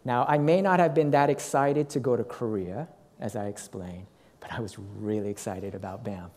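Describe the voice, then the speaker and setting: A middle-aged man preaching, telling a personal story in an animated way and acting out what people said. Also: on the low side, normal speed. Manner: animated storytelling with acted quotes. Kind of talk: sermon storytelling.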